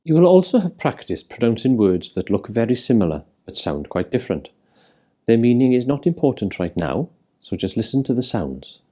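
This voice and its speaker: Husky man tutor. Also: mid-range voice, big pitch swings, moderate pace, dark tone. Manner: explanatory, clear modelling of words. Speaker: Welsh language tutor. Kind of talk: scripted teaching narration.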